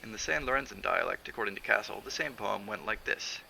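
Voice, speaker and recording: A man reading a novel aloud on a stream, in a measured, steady narration with the odd filler. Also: lowish voice, gravelly, slight background noise, low-quality recording. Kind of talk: audiobook narration.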